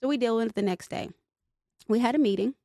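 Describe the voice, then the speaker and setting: A young woman co-hosting a casual podcast, animated and venting, with curses dropping in freely. Her voice sits a little high and sounds dry and close. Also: fast talker, gravelly, no room sound. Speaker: podcast co-host. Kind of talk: casual chat.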